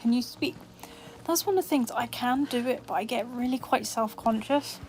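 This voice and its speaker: A woman's voice: fairly high pitch, normal speed, a little mellow, faint music behind, poor audio. A woman from Scotland chatting while she streams a game, over-pronouncing her words to mask a faint Scottish accent, with lots of fillers. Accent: faint Scottish, mostly hidden. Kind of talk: casual gaming stream chat.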